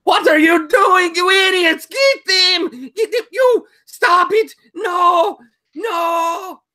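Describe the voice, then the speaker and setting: A woman's voice: very high voice, slow pace, sharp tone, raised voice, pitched above the performer's own voice, full character voice. A furious woman boss. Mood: furious shrieking. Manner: screaming orders, frantic. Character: shrieking furious woman commanding her minions.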